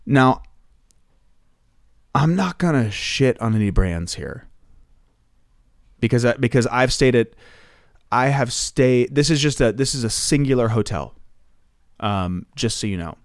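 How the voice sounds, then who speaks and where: A man's voice: mid-range voice, expressive, measured pace, pauses often, no echo. Male singer guest, chatty filler-heavy storyteller, close dry mic. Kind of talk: casual anecdote telling.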